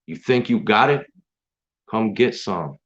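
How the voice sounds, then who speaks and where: A man hosts his own stream, aiming an angry, profane, confrontational rant straight at his critics. His voice sits on the low side, with lively intonation and a slow pace. The sound is dull and lo-fi.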